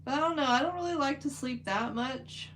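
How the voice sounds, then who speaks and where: A woman's voice: high-pitched, brisk, fairly bright tone, a little hiss or hum, low-quality recording. A woman chatting casually on a livestream while she paints, rambling with lots of "like" fillers. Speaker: livestream host.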